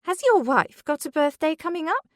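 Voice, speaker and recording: A woman voicing a tall young female office worker with a high-pitched, whiny voice and an eager, teasing manner. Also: sing-song, moderate pace, no echo, clean studio sound.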